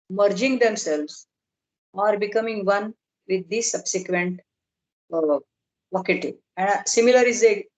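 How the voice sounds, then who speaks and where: A middle-aged woman lecturing on a video call, explaining slowly and carefully and drawing out technical terms. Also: mid-range voice, rough recording. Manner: measured, explanatory, slow on terms. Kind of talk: online academic lecture.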